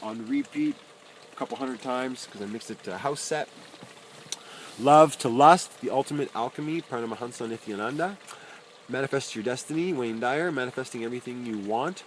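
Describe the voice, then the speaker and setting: A man's voice: medium pitch, a little hiss or hum, poor audio. A man reading aloud a long list of self-help titles and their authors, with dry, wry asides and his voice dropping on each name.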